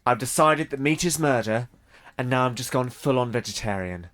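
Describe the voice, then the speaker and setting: Young man doing lively improv. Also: medium pitch, normal speed. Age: young adult. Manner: switches accents on cue, drawling then shouting. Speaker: improv performer. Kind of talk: improv comedy on student radio.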